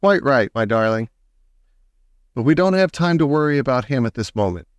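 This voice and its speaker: A man's voice: mid-range voice, lively intonation, normal speed, dry recording, muffled recording, natural voice. A man reading aloud and voicing an elderly grandmother who speaks patiently and precisely. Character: elderly grandmother, calm, firm, proper.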